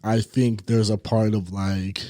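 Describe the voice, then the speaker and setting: A man's voice: fairly low pitch, level tone, unhurried, mellow, dry recording, studio quality. A young adult man co-hosting a podcast, talking in a reflective, hesitant way and restarting his sentences. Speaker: podcast co-host. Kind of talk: casual chat.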